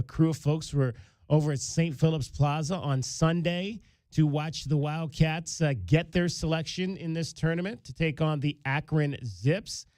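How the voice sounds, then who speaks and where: A man's voice: on the high side, a little mellow, clean tone, no room sound. A man hosting a sports talk radio show, chatting casually with many fillers and restarts. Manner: conversational, with frequent fillers and restarts.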